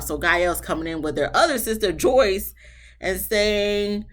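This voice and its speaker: A woman's voice: medium pitch, slow. A woman giving a casual, sassy recap of a reality TV episode, talking back to the people on screen. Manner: animated, sassy, talks back to the cast.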